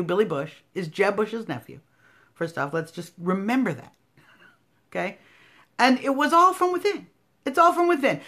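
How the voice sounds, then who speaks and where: A fiery American woman hosts a live stream from her phone, in her thirties, her voice sitting on the higher side. She talks in opinionated bursts, sarcastic and combative, rising to loud outbursts and then dropping to low, muttered asides. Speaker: political live-stream host.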